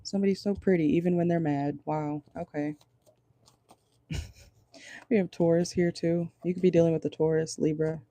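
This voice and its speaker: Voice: mid-range voice, fairly even intonation, moderate pace, pauses often, mellow, dry recording. A tarot reader giving a casual channeled reading from a car, talking bluntly, swearing and laughing often. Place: parked car.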